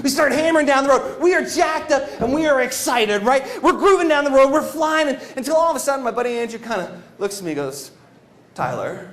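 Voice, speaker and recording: High-pitched, animated motivational speaker man. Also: fast talker, hardly any pauses. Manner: animated, shouting bursts, stammering restarts. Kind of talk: energetic stage storytelling. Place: stage before a live audience.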